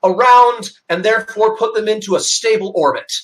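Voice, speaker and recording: A man's voice: high-pitched, moderate pace. A man playing in a tabletop game, rambling eagerly through his ideas. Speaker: player. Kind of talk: casual tabletop game chat.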